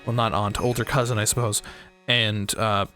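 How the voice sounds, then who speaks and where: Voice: mid-range voice, flat delivery, normal speed, pushed and bright, faint music behind. An American streamer joking sarcastically and reading game text aloud during a let's play.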